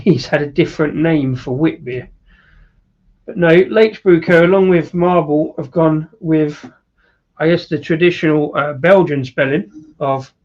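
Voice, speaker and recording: A man's voice: on the high side, a little mellow, dull audio. A man hosting a casual live-stream beer review, rambling with lots of fillers and chuckles. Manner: rambling, with many fillers and laughs.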